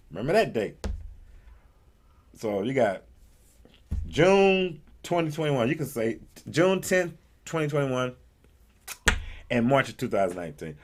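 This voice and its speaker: A man hosting a talk radio stream, telling a personal story in an animated way and acting out the people in it. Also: medium pitch. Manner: acts out the people in his story with quick voice changes; emphatic and indignant.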